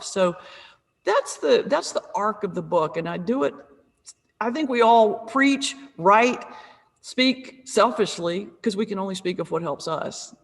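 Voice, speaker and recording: Woman in her fifties, pastor and comedian, tells lively funny stories on a video call with a long room echo. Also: mid-range voice, vocal fry. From North Carolina, USA. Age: 50s. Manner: humorous, lively, self-deprecating. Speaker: pastor and comedian, interview guest. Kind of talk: conversational storytelling.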